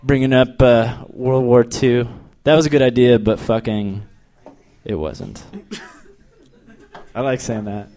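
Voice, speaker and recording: A young man from Texas doing a crude, deadpan stand-up set, then chatting casually about himself. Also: mid-range voice, takes it slowly, pauses often. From El Paso, Texas. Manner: deadpan, crude, stumbling restarts. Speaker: stand-up comedian.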